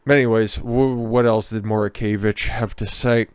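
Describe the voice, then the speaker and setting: A man's voice: fairly low pitch, fairly even intonation, moderate pace, smooth, no room sound. Young male commentator, mocking and profane, dry close recording. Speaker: political commentator. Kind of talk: casual commentary on read-out news.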